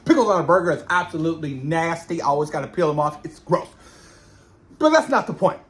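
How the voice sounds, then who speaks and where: An animated man recaps a horror episode with slang and words repeated for emphasis. His pitch swings widely while he talks. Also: fast. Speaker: show reviewer. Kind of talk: reaction recap.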